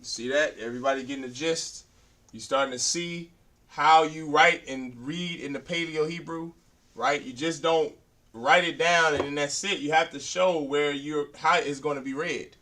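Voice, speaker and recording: A man's voice: a little high, moderate pace, sharp tone, slight background noise. A man teaching a beginner language class, sounding out words syllable by syllable and repeating them as he writes on a board. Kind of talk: classroom lesson at a whiteboard.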